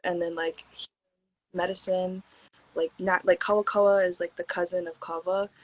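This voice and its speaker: Young woman, from Hawaii, podcast guest, casual storytelling, slangy, filler-heavy, slightly low voice. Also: flat delivery, moderate pace, no echo, low-quality recording. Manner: laid-back, slangy, many "like" fillers, acts out quotes.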